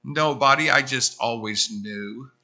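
A man putting on the voice of an excited little kindergarten girl, proud and eager. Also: medium pitch, unhurried, soft background music. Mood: innocent.

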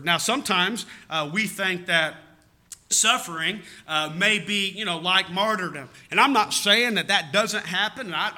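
Bright, high-pitched Southern preacher. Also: male voice. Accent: Southern American. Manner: folksy, rambling preaching with frequent "amen?" call-outs. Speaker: pastor. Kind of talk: sermon. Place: church.

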